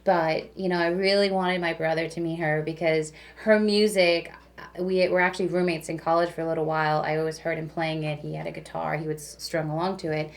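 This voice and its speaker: Speaking briskly in a low voice with little pitch movement, this radio DJ appears as a guest telling casual stories. Her talk is chatty and crammed with "like" and "you know."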